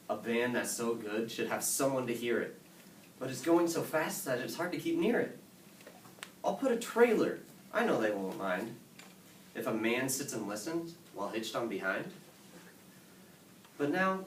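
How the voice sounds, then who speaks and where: A man reading a rhyming picture book aloud in a rhythmic, sing-song way, building excitement as the verses pile up. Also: mid-range voice, slight background noise. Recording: echoey room from far off, faint ambience.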